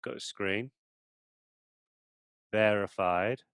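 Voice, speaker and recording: A man's voice: fairly low pitch, very slow, fairly bright tone, clean tone, no echo, clean studio sound. A man co-hosting a podcast in casual chat, jokey and bantering. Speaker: podcast co-host.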